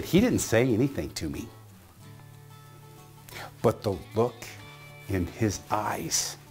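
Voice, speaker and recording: Animated middle-aged man telling a story. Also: lowish voice. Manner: animated, acts out voices in his stories. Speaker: motivational speaker. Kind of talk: motivational storytelling.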